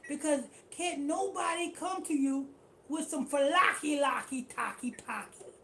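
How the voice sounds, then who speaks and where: A woman's voice: high voice, a little slow, a bit bright. Woman running a scripture class, slangy, drawn out, with a bit of hiss behind her. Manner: slangy, repetitive, keeps saying "you know what I'm saying". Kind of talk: street-style scripture class.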